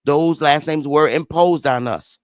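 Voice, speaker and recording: Male panelist, forceful and repetitive in debate, dry close sound. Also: fairly high pitch, unhurried, no room sound. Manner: emphatic, repeats points, stumbles and restarts. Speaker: podcast panelist. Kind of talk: heated casual debate.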